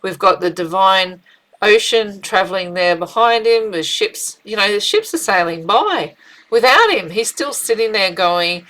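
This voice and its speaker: A middle-aged woman giving a casual spiritual tarot reading, chatty and animated, with frequent fillers and restarts. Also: medium pitch, moderate pace, low-quality recording. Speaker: tarot reader.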